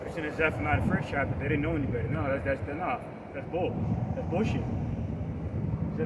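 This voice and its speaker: A man street preaching outdoors, halting and repeating words, reading scripture louder and slower. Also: a little high, recorded from a distance. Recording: heavy street traffic noise, voice from off-mic. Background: loud traffic noise.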